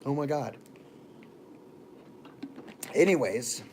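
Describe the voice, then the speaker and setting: A young man talks casually on a livestream, rambling through stories and greeting viewers by name. His pitch sits in an ordinary middle range. A faint hum stays underneath the whole recording. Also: lively intonation, drawn-out words, a little mellow. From born in Texas, raised in Florida.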